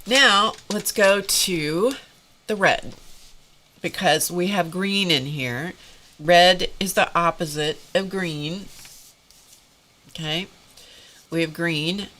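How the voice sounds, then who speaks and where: Slow, teary, congested woman. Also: on the low side, pushed and bright, a little hiss or hum. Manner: halting, emotional, with sighs and pauses. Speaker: host of an art live stream. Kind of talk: live-stream drawing tutorial.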